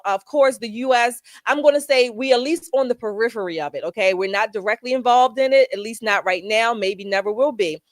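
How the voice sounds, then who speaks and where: A woman hosting a casual political panel show, chatty and quick to laugh, calling on guests by name. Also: a little high, no echo, clean studio sound. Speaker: show host.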